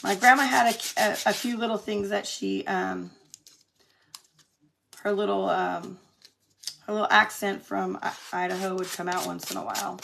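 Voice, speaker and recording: A woman's voice: medium pitch, fairly even intonation, moderate pace, vocal fry, pauses often, noisy background. A middle-aged woman from California chatting through a live craft demo, laughing often and answering viewer comments as she works. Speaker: craft demonstrator on a live stream.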